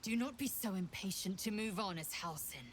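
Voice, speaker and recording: An actress voicing a cold, commanding unseen woman in a video game, stern and low-voiced. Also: lively intonation, moderate pace, a little hiss or hum, natural voice.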